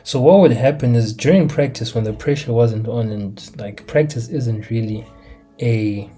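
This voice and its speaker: A young man from Africa delivering a casual, animated monologue on a laptop mic, asking rhetorical questions and dropping into slang. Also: mid-range voice, moderate pace, faint music behind. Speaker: commentator.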